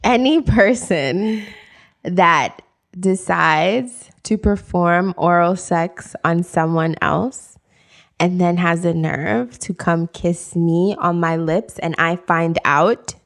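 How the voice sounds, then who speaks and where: A woman's voice: fairly low pitch, creaky. A woman co-hosting a podcast in casual chat, blunt and emphatic. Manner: slow, emphatic, blunt, frequent brief backchannels. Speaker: podcast co-host.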